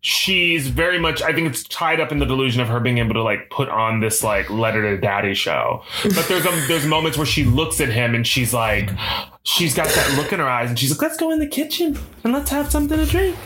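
A man co-hosting a casual podcast, talking through a film in a rambling, expressive way. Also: medium pitch, a little fast, slight background noise. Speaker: podcast co-host.

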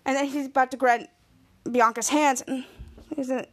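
High-voiced woman animatedly recapping a show. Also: fast talker. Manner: animated retelling, acting out quoted lines. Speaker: podcast host. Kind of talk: casual episode recap.

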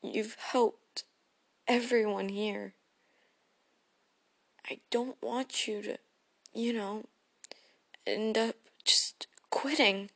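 A woman voicing a gentle, goofy teenage boy hero who speaks as an affectionate boyfriend in a role-play audio, soft-spoken and prone to giggles. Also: fairly high pitch, slow, creaky, long pauses, full character voice. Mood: tender, reassuring. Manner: soft-spoken and tender, breaking into giggles when tickled.

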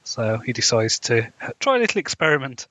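A man's voice: medium pitch, sing-song, brisk, bright, forceful tone, no echo. A man chats casually about a film with his co-host, dropping wry asides. The recording is dry and close with a dull, lo-fi tone. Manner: adds dry quips and short agreements. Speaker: podcast co-host reviewing a film. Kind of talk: casual chat.

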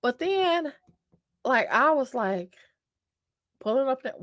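A woman's voice: high-pitched, very animated, slow pace, fairly bright tone, dry recording, studio quality. A woman telling a personal story to her viewers in a chatty, self-mocking way, full of fillers and repeats, calling them "y'all". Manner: talks with many fillers and repeats. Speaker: vlogger telling a dating story. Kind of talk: casual storytelling to camera.

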